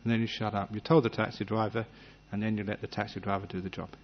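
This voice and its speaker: A man giving a gentle, humorous meditation talk, acting out little scenes as he teaches. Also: fairly low pitch, flat delivery, fast. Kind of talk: dharma talk. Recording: dull lo-fi recording.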